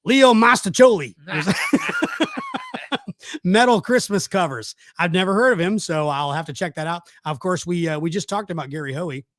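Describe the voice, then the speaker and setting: A man's voice: high voice, huge pitch swings, moderate pace, fairly bright tone, no room sound, clean studio sound. A middle-aged man hosting a casual live show, rambling with many fillers and restarts. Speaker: host. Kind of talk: casual chat on a live stream.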